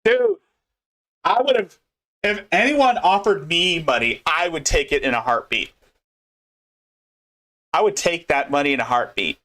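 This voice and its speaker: A man's voice: a little high, big pitch swings, measured pace, long pauses, bright, forceful tone. A man hosting a casual commentary podcast, rambling and swearing loosely. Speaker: host.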